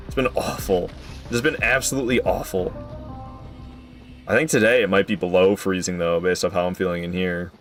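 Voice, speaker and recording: A man's voice: deep voice, sing-song, a little fast, a bit bright, soft background music. A young man streamer chatting through live gameplay, frustrated and swearing, talking to his chat. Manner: talks to chat.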